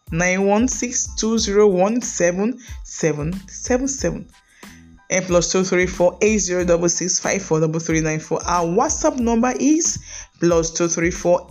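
Earnest Nigerian woman with a gravelly edge. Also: on the low side, darkish tone. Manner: earnest, pleading, repeats and restarts phrases. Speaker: marriage counselor, podcast host. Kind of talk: pastoral podcast talk.

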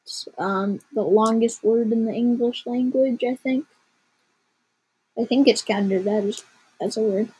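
A woman's voice: a little high, measured pace, warm tone, slightly rough, poor audio. A woman reading a chapter book aloud, chatting loosely and unprepared between readings. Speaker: reader.

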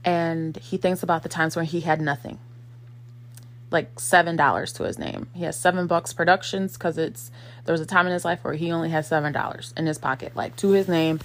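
Lady in her 30s vlogging, kinda low voice, chatty, lots of "like" and "um". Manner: conversational, many fillers, acts out quotes. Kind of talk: casual personal reflection.

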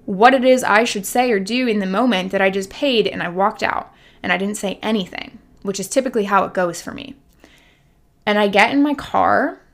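A woman's voice: medium pitch, creaky, fairly bright tone. Young woman life coach rambling through a personal story, candid and chatty, lots of "like" and "literally". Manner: candid and chatty, fond of "like" and "literally", laughs now and then. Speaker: life coach and podcast host. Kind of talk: casual storytelling monologue.

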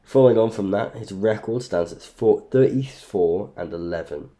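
Low, dark-voiced sweary man. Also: normal speed. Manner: sweary, loudly incredulous outbursts. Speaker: podcast host ranking fighters. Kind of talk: casual podcast chat.

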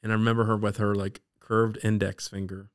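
A man from Maryland's Eastern Shore, a podcast guest telling his personal faith story in a lively, animated way. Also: lowish voice, brisk, clean tone. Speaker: guest sharing his testimony.

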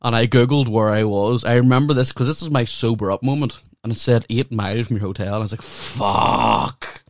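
A man's voice: mid-range voice, fast talker, few pauses, a little mellow, no room sound, studio quality. A man, a comedian and podcast co-host, telling rambling, profane stories in a casual chat over a video call.

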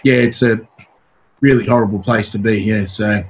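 A man's voice: lowish voice, fairly even intonation, normal speed, a little hiss or hum. A man with an Australian accent, a comedian speaking as an interview guest, talking bluntly and swearing a lot while he rambles on. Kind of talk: casual interview chat. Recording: dull lo-fi sound.

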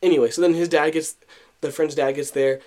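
A man's voice: fairly high pitch, fairly even intonation, fairly quick, a little mellow. A young man co-hosting a podcast, telling a story in casual chat, acting out what people said, with many fillers and restarts. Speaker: podcast co-host.

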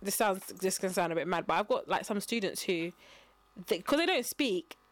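A woman's voice: mid-range voice, expressive, moderate pace, no room sound. A woman who works as a teacher, co-hosting a podcast in casual chat, laughing along and quoting herself in her stories.

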